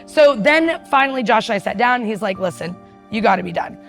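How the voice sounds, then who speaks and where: A woman's voice: on the high side, expressive, fairly quick, soft background music. A woman in her thirties candidly telling a personal story, blunt and profane, often laughing and acting out what people said.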